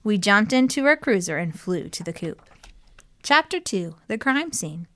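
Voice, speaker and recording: Brief: woman narrator for a kids' detective storybook, mid pitch, dry close sound. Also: big pitch swings, a little slow, a bit bright, no echo. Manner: punny hard-boiled detective narration. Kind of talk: storybook read-aloud.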